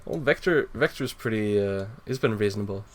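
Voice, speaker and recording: A man with a fairly low voice chats casually on a podcast, breaking into laughter often and reading lines from a story aloud. A faint hiss of noise sits under his voice. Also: lively intonation, brisk. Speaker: podcast host. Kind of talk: casual comedic podcast chat.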